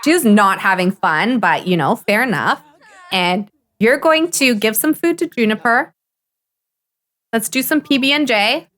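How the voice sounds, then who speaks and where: A woman streamer giving casual live gameplay commentary, excitable and gushing, often gasping and laughing. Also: a little high, unhurried.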